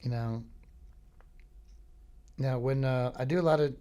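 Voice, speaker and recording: Rambling deadpan podcast host, a man. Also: medium pitch, fast, smooth. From Florida. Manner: meandering, deadpan, filler-heavy. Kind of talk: rambling comic monologue.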